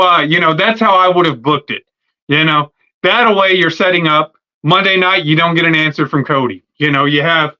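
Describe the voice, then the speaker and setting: A man's voice: a little high, bright, forceful tone, clear, resonant tone, dull audio. A man hosting a wrestling podcast, rambling through a profane, filler-heavy fantasy-booking rant in casual talk. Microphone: streaming setup mic.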